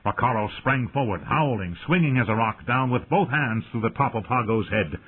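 A man reading a fantasy audiobook in a dramatic, lively narrating style over tinny phone-like audio. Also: medium pitch, moderate pace, husky.

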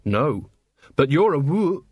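A man voicing an honest, earnest young male constable who talks calmly and cheerfully. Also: a little high, slow, breathy edge, no room sound, clean studio sound, exaggerated voice.

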